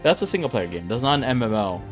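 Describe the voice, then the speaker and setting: A young man talks through an online game in a loose, rambling way, tossing out self-mocking jokes between quests. His voice sits at an ordinary middle pitch. Faint game music plays underneath. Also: very animated, fast talker. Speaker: streamer playing an online game. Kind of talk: casual gameplay commentary.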